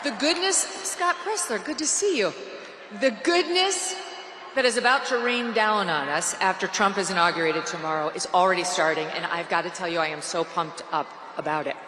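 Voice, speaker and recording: A woman's voice: lowish voice, moderate pace, pushed and bright. A woman giving a sarcastic, mocking political rally speech with punchy delivery. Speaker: rally speaker. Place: large echoing hall. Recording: echoey hall with long reverb, noisy.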